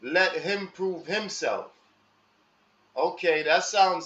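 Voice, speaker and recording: A man talking casually and slowly to his live audience in street slang, asking viewers for their advice. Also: a little high, a bit bright. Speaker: live stream host. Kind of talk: casual monologue to live chat. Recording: echoey room, dull lo-fi sound.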